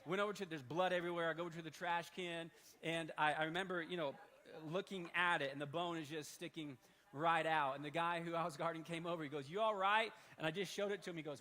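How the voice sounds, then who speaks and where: A man in his thirties preaching in a church hall, telling a story in an animated, conversational way. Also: a little high. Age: 30s. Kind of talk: sermon storytelling. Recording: long hall reverb.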